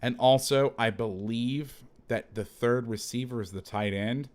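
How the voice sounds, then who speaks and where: A man coaching through game film in a casual breakdown, chatty and quick to correct himself. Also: medium pitch, steady tone.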